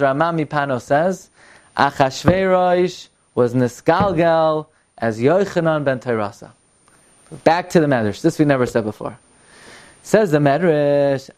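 A man with a slightly high voice teaches a Torah lesson as an animated story. He reads out lines of old Hebrew text and then retells them in English full of Yiddish words. His voice climbs higher and louder as the tale builds.

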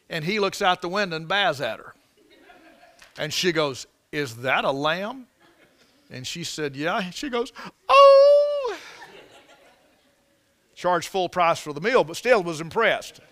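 Man, pastor, sermon, folksy storytelling, emphatic, bright tone. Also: a little high. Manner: folksy storytelling, repeats and restarts phrases; builds to emphatic peaks on scripture.

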